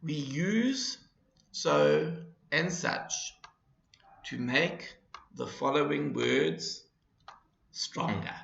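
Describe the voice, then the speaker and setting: A man with a gravelly voice teaches a grammar lesson at an unhurried pace, stressing each example. His pitch rises and falls a lot as he explains. The recording sounds dull and roomy. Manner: slow, deliberate explanation with repeated examples. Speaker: English teacher.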